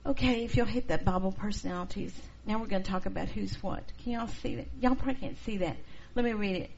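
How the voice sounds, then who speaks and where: Gravelly woman teaching a church class. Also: mid-range voice, fast. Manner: expressive, acts out quoted people. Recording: dull lo-fi recording, faint noise.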